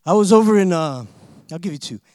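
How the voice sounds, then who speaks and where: A man preaching a sermon, telling a story with lively, animated delivery that builds into forceful preaching. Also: high voice, brisk, dry recording.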